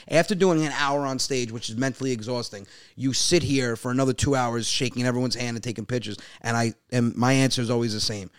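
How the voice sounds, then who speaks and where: A man in his forties, a comedian, chatting casually and telling stories with animated acted-out voices and loud emphatic peaks. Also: medium pitch, smooth. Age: 40s. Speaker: comedian guest. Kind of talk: casual podcast chat.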